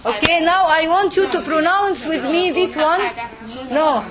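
High-voiced woman teaching letters. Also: expressive. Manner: patient, repeats words slowly for learners. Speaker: Arabic teacher. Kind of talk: classroom teaching. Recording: noisy classroom with crowd. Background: class of women students.

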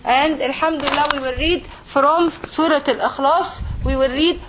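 Teaching an Arabic and Quran class, a high-voiced woman speaks at normal speed with a steady, fairly bright tone. She goes over things repeatedly and keeps asking "okay?" to make sure students understand.

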